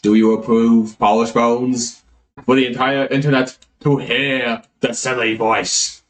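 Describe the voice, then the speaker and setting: A man's voice: medium pitch, flat delivery, unhurried. A man live streaming, chatting casually and rambling as he thinks aloud, always calling himself by a nickname in the third person.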